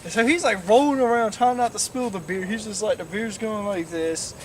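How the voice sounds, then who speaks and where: A man's voice: sits high, brisk. A young man telling a story in casual talk, swearing a lot and acting out engine noises. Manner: profane, animated, imitates engine noises. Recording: distant mic, faint noise.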